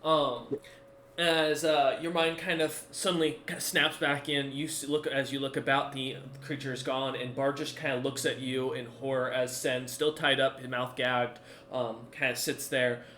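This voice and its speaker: A man's voice: mid-range voice, little pitch movement, normal speed, bright, forceful tone, slight background noise. A man narrating as game master of a tabletop game, rambling, with many ums and restarts. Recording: echoey room.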